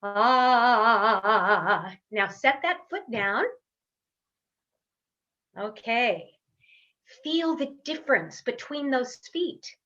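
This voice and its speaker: A woman voice coach guides a workshop through a physical and vocal warm-up, speaking slowly with encouraging, drawn-out instructions. Her voice sits fairly high. It comes through a webcam with slightly dull, lo-fi audio. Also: expressive. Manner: slow, encouraging instructions with long sung hums. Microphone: webcam on a video call.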